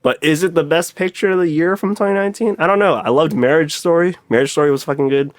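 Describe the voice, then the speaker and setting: A man's voice: a little high, fast talker, dry recording, studio quality. A man in casual podcast chat, rambling and swearing freely, with lots of filler words. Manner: animated, profane, rambling with many "like" fillers.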